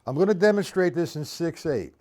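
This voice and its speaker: A man's voice: a little high, animated, fairly quick, dark tone, slight background noise. A man teaching drum rudiments on a live stream, counting beats aloud and chatting with viewers in the chat.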